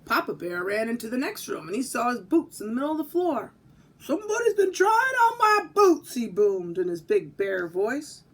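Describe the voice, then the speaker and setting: A woman, a physical education teacher, reading a picture book aloud with animated storytelling. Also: mid-range voice, moderate pace, few pauses, slightly rough.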